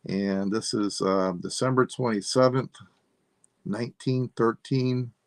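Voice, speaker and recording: A man selling items on a live stream, thinking aloud in a rambling, unhurried way as he describes each piece. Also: mid-range voice, steady tone, dry recording. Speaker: online seller. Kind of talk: live-stream sales chat.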